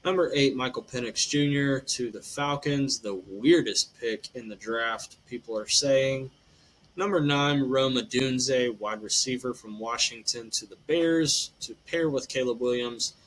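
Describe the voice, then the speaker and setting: A man's voice: mid-range voice, measured pace, fairly bright tone, rough recording. Male podcast host, mid-range voice, casual and meandering, filler-heavy, faint room hiss. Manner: rambling, filler-heavy, says "eh". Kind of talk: casual sports betting talk.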